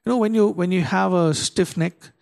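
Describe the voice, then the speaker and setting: A man preaching a sermon with an emphatic, rising delivery. He fires rhetorical questions at his listeners and slows right down to read scripture with weight. His voice sits a little higher than most men's. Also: gravelly, a little mellow. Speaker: pastor.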